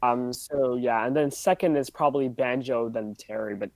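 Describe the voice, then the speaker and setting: A man's voice: medium pitch, moderate pace, vocal fry, no room sound, poor audio. Man on a dry, glitchy call mic. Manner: enthusiastic, hesitant with fillers. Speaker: podcast co-host. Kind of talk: casual chat.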